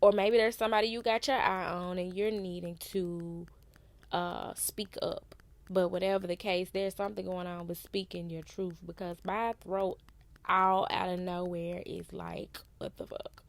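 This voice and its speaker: A woman giving a casual, unhurried tarot reading in a conversational style, using loose slang. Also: lowish voice, flat delivery, dry recording. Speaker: tarot reader.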